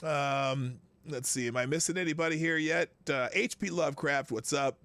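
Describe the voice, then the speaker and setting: This man's voice is a little high and fairly bright, at a normal pace, with no room sound. Hosting a live stream, he chats and rambles, reading off viewers' names to greet them and laughing quietly to himself.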